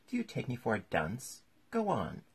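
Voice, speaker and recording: A man doing a pompous, sharp storybook king. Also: lowish voice, sing-song, moderate pace, creaky, breathy edge, full character voice. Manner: sharp, commanding, sometimes loud.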